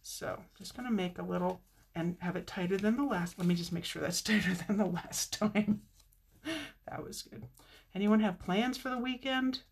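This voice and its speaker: A woman's voice: mid-range voice, normal speed, gravelly, a little hiss or hum. A middle-aged woman chatting with viewers while demonstrating card making on a live stream, with muttered asides to herself.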